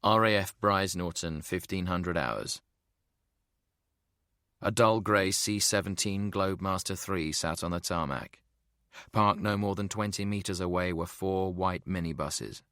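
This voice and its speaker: Male audiobook narrator, deep and measured, dry close recording. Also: fairly bright tone, clean tone, no echo. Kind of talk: scripted narration.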